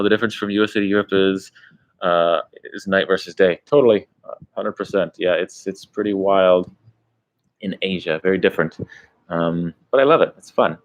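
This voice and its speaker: Low-voiced American man chatting casually. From United States. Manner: rambling, chatty, restarts, laughs between thoughts. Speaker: travel vlogger. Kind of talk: casual livestream chat reading comments.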